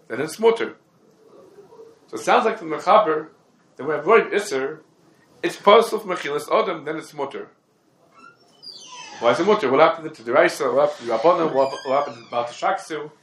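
A man's voice: fairly high pitch, a bit bright. Man giving an echoey Talmudic lecture. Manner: rapid, question-and-answer reasoning. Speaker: Torah teacher.

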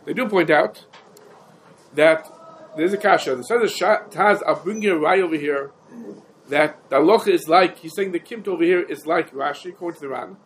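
A man teaches a halachic text in an animated lecture. He asks questions and answers them himself, in a fairly high voice. Faint room hum sits behind him. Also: normal speed, poor audio. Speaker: Talmud teacher. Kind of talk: yeshiva-style halachic lecture.

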